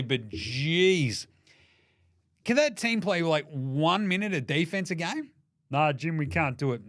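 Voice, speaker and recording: An Australian man giving a comedic basketball ranking rant, mocking and full of quick jokey asides. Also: fairly high pitch, fairly bright tone. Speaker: basketball commentator.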